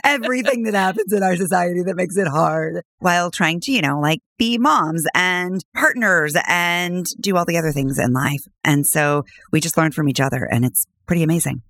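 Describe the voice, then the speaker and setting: Low gravelly lady w a cold, bubbly podcast host, dry close sound. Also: normal speed, hardly any pauses, a bit bright, dry recording. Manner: bubbly, laughs often. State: has a cold. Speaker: podcast host and mindset coach. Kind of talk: casual podcast chat.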